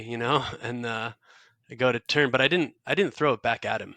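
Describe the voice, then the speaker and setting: A man's voice: mid-range voice, fairly even intonation, a little fast, vocal fry, bright, forceful tone, no echo. A young man, a guest author, telling a reflective story in an interview, earnest and searching, with frequent restarts and fillers.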